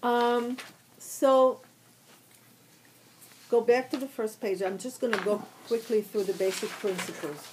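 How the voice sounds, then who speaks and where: A woman's voice: fairly high pitch, unhurried, darkish tone, a little hiss or hum, rough recording. A woman teaching a class, explaining patiently and step by step. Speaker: trope teacher.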